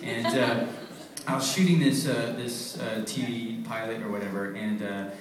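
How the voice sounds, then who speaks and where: A man's voice: medium pitch, steady tone, normal speed. A man, a voice actor on a convention panel, telling rambling stories and laughing often, recorded from afar in a large hall. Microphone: distant from the recording. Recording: echoey hall from far off, loud noise.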